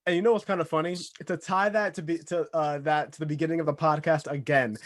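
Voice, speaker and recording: Podcast guest, man, slightly high voice, eager and halting. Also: fairly even intonation. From Dominican Republic. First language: Spanish. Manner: enthusiastic, halting, restarts often. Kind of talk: casual chat.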